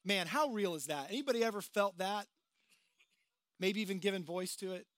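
A man preaches a sermon outdoors by the water, speaking in a conversational, storytelling way. His voice sits high for a man, and the sound is dry and close to the mic. He slips into acting out the voices of the people in the story. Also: animated, moderate pace, fairly bright tone, dry recording. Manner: conversational, dramatizing voices of the disciples. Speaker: pastor.

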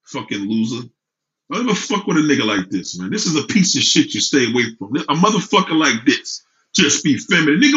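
A man's voice: on the high side, a bit bright, highs cut off. A man hosting a casual livestream vlog, ranting heatedly and profanely at his chat in slangy, repetitive talk. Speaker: livestream host. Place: home room with lighting setup.

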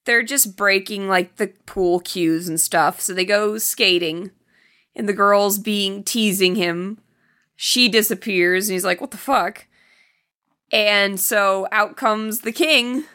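A woman with a bright, crisp-edged voice talks through a film's plot in relaxed podcast chat. She is chatty and swears casually as she recaps. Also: medium pitch, slow pace. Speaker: podcast co-host.

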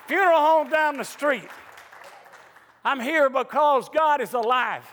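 Fervent male preacher with a very high, forceful voice, recorded in an echoey church hall. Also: unhurried, a faint crowd. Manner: fervent, emphatic preaching with rising outbursts. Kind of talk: sermon.

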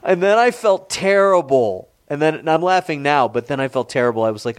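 A man's voice: on the high side, animated, a little fast, few pauses, clean tone, no echo. A man in his forties telling a long, rambling, profane story in a casual chat, with frequent restarts. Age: 40s.

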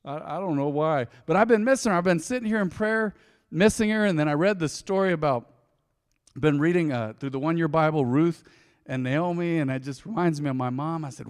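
A man teaching through Bible verses in a casual devotional sermon. He talks straight to his listeners, swinging from emphatic to soft and reflective. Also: a little high, fairly quick, smooth, in a large hall. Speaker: pastor.

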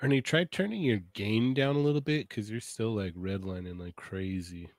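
A man's voice: fairly low pitch, normal speed, no echo. A man hosting a casual live stream on a home studio mic, upbeat, laughing often and giving tech tips. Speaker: podcast host.

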